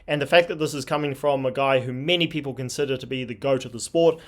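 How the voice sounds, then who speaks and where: This fast-talking MMA channel host has a mid-range voice. Scornful and indignant, he reads tweets aloud while delivering opinionated commentary.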